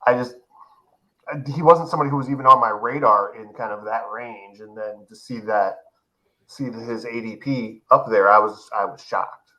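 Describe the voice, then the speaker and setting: This man has a bright, forceful voice pitched in the middle. He hosts a casual sports podcast over a remote call and keeps the talk moving with quick wit. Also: poor audio. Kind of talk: casual fantasy football chat.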